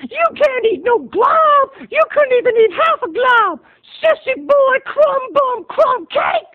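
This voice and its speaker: A man's voice: very high-pitched, very animated, slow, narrow, tinny audio, pitched above the performer's own voice, heavily acted. A man putting on the voice of a bratty young boy cousin who squeals schoolyard taunts. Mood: taunting.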